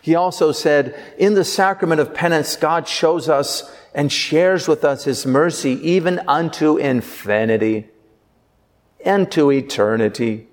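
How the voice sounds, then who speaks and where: A priest preaching a sermon with earnest delivery, slowing down for emphasis. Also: male voice, a little high, big-room sound.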